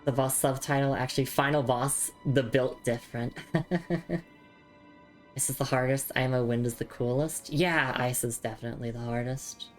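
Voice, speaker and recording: A woman's voice: rumbling low, normal speed, faint music behind. A young Australian woman with an Australian accent, chatting casually while streaming a game, often stammering and repeating words. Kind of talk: casual live game commentary.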